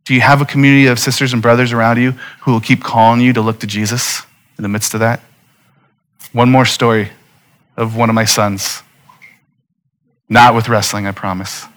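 A man in his thirties preaches a sermon in a mid-pitched voice. He speaks earnestly and conversationally and turns often to his listeners with direct appeals. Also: steady tone, moderate pace, long pauses, a bit bright. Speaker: pastor.

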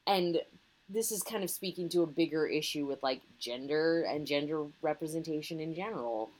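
Woman co-host, casual chat, low-pitched, expressive and profane, acts out quotes. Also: moderate pace, low-quality recording. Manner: expressive, swears, acts out voices.

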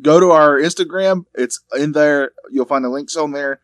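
A man's voice: on the high side, normal speed, no echo. A man co-hosting a podcast, joking around in casual chat and laughing often. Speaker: podcast co-host.

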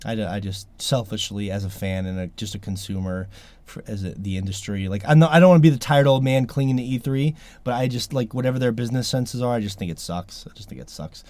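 A man's voice: mid-range voice, fast talker, a little mellow, no room sound. A man hosting a podcast in casual chat, talking emphatically and grumbling with frustration. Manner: emphatic, exasperated, sweary. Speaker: podcast host.

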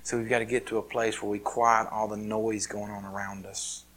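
A man preaching a conversational sermon with lots of fillers and restarts. He swings between loud emphatic peaks and quiet, hushed asides. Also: fairly low pitch, little pitch movement, moderate pace, low-quality recording. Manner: casual, filler-heavy delivery with many restarts. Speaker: pastor.

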